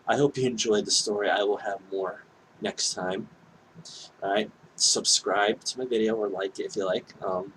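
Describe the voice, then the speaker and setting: Low-voiced man rambling through a story. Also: a bit bright, a little hiss or hum, low-quality recording. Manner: rambling and candid, full of asides and apologies. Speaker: vlogger telling a personal story. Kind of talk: casual storytelling monologue.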